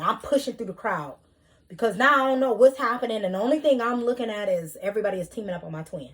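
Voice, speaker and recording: A young woman telling a heated storytime vlog, animated, with loud bursts. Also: medium pitch. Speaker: vlogger.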